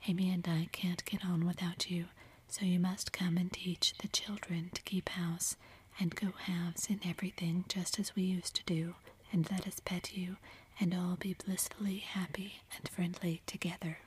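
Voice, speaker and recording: A woman voicing an earnest, remorseful young man in love, in a soft, pleading, heartfelt whispered role-play. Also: lowish voice, level tone, moderate pace, a little hiss or hum, lightly acted. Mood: tender.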